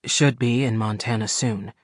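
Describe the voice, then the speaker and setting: A man narrating an audiobook, voicing an exhausted, irritated man stuck at an airport, his voice raspy from hours of talking. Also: medium pitch, fairly even intonation, normal speed, no echo, clean studio sound, voice pushed down, lightly acted. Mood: weary. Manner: weary, clipped phone talk. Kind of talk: audiobook character voice.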